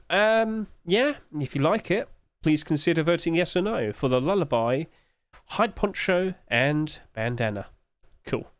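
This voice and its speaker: A man's voice: on the high side, dry recording. A young man hosting a casual video, chatting as he reviews items and asking viewers questions. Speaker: host reviewing game skins.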